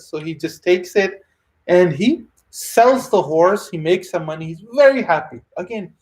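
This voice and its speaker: A man giving a sermon as a religious teacher, telling a moral story in a lively, conversational way with asides to his listeners. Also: high voice, a little slow.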